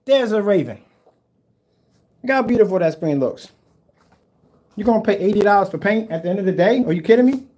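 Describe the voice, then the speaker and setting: A man's voice: sits high, lively intonation, a little fast, pauses often, darkish tone. A man hosting a casual livestream, brash and teasing, trash-talking his viewers and mock soothing them. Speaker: DIY projector screen paint video host. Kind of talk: casual livestream chat replying to viewer comments.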